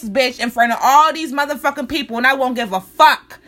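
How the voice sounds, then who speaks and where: A woman's voice: high voice, brisk, few pauses, sharp tone. A young woman telling a story as a heated, profanity-filled, confrontational rant to the camera. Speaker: law student.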